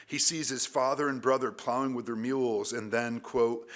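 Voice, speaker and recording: A man who is a literature professor, reading his conference paper aloud at a measured academic pace and adding a few casual asides. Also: mid-range voice, fairly even intonation.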